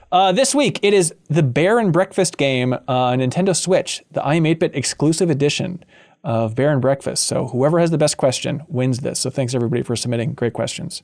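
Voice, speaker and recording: A man hosting a casual podcast chat, playful and animated, with jokey asides. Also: medium pitch, brisk. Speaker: podcast host.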